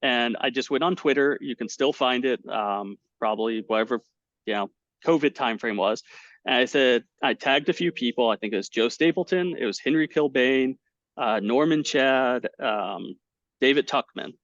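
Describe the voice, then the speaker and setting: A man's voice: mid-range voice, normal speed, no room sound. Chatty man on a dull, dry call line. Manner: animated storyteller, many fillers and restarts. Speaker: guest, poker commentator. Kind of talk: casual interview over video call. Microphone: webcam setup at home.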